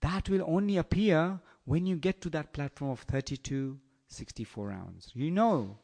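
Animated male preacher telling a story. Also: a little high, normal speed, vocal fry. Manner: animated, teasing, asks the audience questions. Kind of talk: storytelling sermon.

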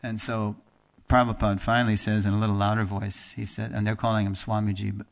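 A man teaching a religious class, telling a story in a lively conversational way and acting out the dialogue. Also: lowish voice, fast, creaky. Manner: animated storyteller, acts out quoted dialogue; conversational with fillers and restarts, laughs now and then. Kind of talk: storytelling lecture.

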